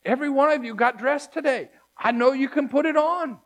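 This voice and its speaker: A man preaching a sermon as pastor, talking to his church in a conversational, emphatic way that swings from loud to hushed. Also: very high voice, a little fast.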